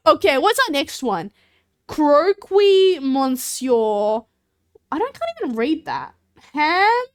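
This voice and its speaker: A woman's voice: high-pitched, big pitch swings, slow. A young woman streaming, chatting casually with her viewers in a giggly, bubbly way and often talking about herself in the third person. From Australia. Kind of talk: casual stream chat reacting to chat.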